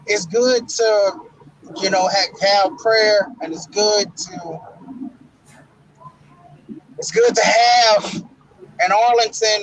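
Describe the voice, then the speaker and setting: A man co-hosting a casual wrestling talk show, talking in an emotional, preacher-like way with dramatic pauses. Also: sits high, slight background noise, rough recording. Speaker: podcast co-host.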